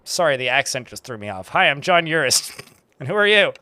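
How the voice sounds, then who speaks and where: Bright, lively young man streaming a game. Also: on the high side, fairly quick, no echo. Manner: joking, rambling, swears freely, thinks aloud. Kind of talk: casual gameplay commentary.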